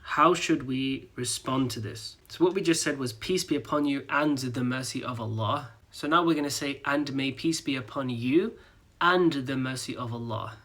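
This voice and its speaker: A man teaching greeting pronunciation, patiently drilling each word slowly syllable by syllable. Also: medium pitch, fairly bright tone. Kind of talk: slow step-by-step pronunciation lesson.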